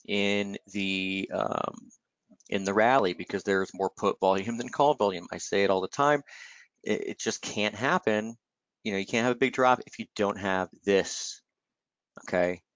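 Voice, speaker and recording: A man's voice: lowish voice, a bit bright, no room sound, highs cut off. A man hosting a live trading webinar, talking through charts in a loose, conversational way with lots of fillers and "right?" tags, and he has the hiccups. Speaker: webinar host, market analyst.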